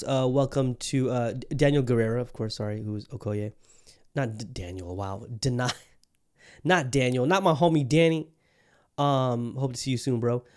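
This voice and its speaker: Guy podcasting, warm mellow voice, mid pitch, rambly and hyped, lots of ums. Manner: rambling and enthusiastic, many fillers and restarts, swears freely. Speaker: podcast host. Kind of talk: casual solo film review.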